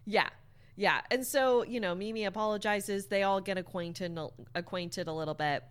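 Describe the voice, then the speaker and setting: Speaking at a normal speed with a mid-range voice, a woman chats casually as she retells the story of a book to a friend. She rambles, uses many fillers, and swears now and then.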